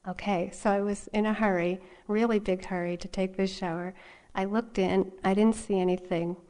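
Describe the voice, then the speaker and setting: A middle-aged woman meditation teacher giving a dharma talk, telling a personal story in a soft, unhurried way and laughing often. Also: medium pitch, steady tone, clean tone.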